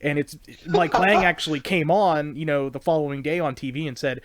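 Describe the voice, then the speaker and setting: Rambling male podcast host, fairly high. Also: fairly even intonation, brisk. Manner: rambling, full of fillers. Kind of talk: casual interview chat. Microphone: own recorder.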